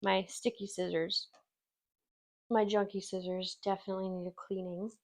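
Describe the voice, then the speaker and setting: A woman's voice: mid-range voice, level tone, moderate pace. A woman from Wisconsin hosting a casual crafting tutorial, chatty and self-deprecating, laughing easily as she works. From Wisconsin, USA. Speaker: craft channel host.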